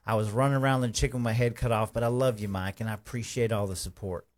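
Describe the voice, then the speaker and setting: A man's voice: lowish voice, fairly even intonation, fast talker. Effusive man hosting a live stream. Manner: effusive, folksy, rambling with restarts. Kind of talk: casual live stream shout-outs.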